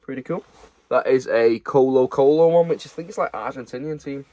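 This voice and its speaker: A man's voice: medium pitch, fairly quick, warm tone. A young man, casually showing off secondhand football shirts he is reselling, in a chatty, rambling way. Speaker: online reseller. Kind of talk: casual haul chat.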